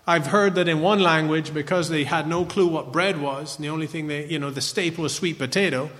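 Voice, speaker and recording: A man's voice: on the high side, brisk, a bit bright, big-room sound. A man giving a conversational Bible teaching lecture, often checking in with a rhetorical "right?".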